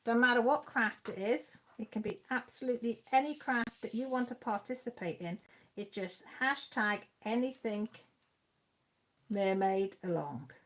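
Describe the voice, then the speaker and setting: A woman's voice: fairly high pitch, moderate pace. A woman chatting casually at home while hosting a craft live stream, reading comments and exclaiming aloud. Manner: chatty, exclaiming, talks to the chat. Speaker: craft channel host reading live chat.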